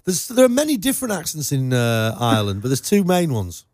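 A man's voice: medium pitch, brisk, no room sound, clean studio sound. A man co-hosting a radio show, chatting playfully and trying out accents. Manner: playful, lively, tries out accents. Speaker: radio co-host. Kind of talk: casual chat.

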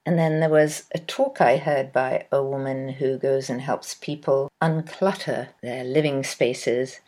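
A woman hosting her own radio show, giving a measured, reflective monologue. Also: rumbling low, darkish tone.

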